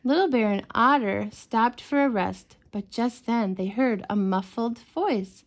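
A woman reading a bedtime story aloud to children, gentle and expressive. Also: fairly high pitch, measured pace, slight background noise.

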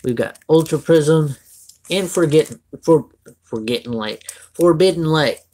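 A man's voice: fairly high pitch, a little slow, darkish tone, breathy edge. Chatty young man with a Floridian drawl. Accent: Floridian Southern US. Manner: chatty, rambling, greets and thanks viewers by name. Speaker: streamer opening trading card packs. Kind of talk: casual live-stream chat.

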